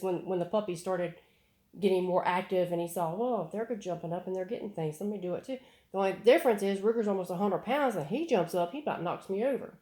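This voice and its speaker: A middle-aged woman, chatting casually while training a puppy and breaking off for quick commands. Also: medium pitch. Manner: chatty, repeats words, sharp commands to puppy. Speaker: dog breeder.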